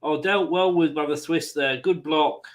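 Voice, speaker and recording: A man hosting a football watchalong, giving excitable casual commentary on the match and laughing easily. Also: fairly high pitch, a little slow. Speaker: watchalong host.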